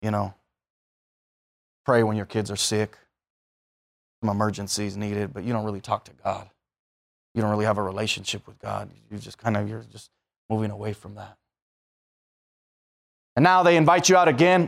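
A man's voice: lowish voice, monotone, normal speed, gravelly, pauses often. A man preaching a sermon, telling everyday stories and acting out the voices of the people in them. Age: adult, married.

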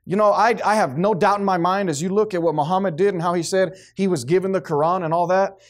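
A man's voice: sits high, fast. A man preaching a sermon to a congregation, acting out the voices of the people he quotes. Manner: animated, acts out quoted voices, responsive amens from congregation.

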